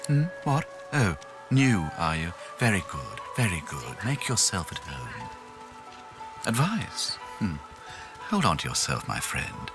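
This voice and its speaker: A man's voice: low voice, huge pitch swings, slow pace, music in the background, full character voice. An actor voicing a pensive lizard-man scholar in a game, musing aloud in a philosophical way. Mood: thoughtful. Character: pensive old lizard scholar, lost in thought.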